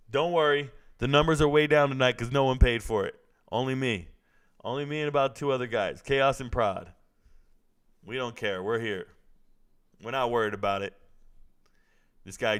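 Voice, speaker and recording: A man's voice: medium pitch, normal speed, long pauses, a bit bright, clear, resonant tone. A young man hosting a live stream, joking loosely with chat while reacting to a fight. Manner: joking, loose and chatty, talking to viewers in chat. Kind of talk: casual live reaction commentary.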